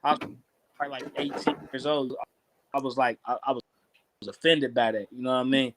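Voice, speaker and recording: A man's voice: mid-range voice, steady tone, fairly quick, fairly bright tone, a little hiss or hum. A man in his thirties with a Kentucky Southern accent, a rapper telling stories in a casual interview, laid-back and full of slang. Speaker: rapper guest.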